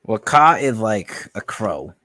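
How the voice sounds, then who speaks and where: A man offers rambling advice in a casual stream chat, stopping often to hunt for words and reading bits of search results aloud. His voice sits a little low. The recording is dry, with no room sound. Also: big pitch swings, slow, bright, forceful tone, no room sound. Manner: rambling, hesitant, full of fillers, reads search results aloud. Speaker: guest giving advice.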